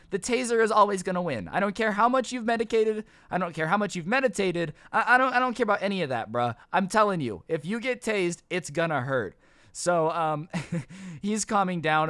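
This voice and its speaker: A man in his twenties telling a high school storytime to his channel in a casual, slangy way, tossing in bro and dude. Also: fairly bright tone, smooth, dry recording, studio quality. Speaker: YouTube storyteller.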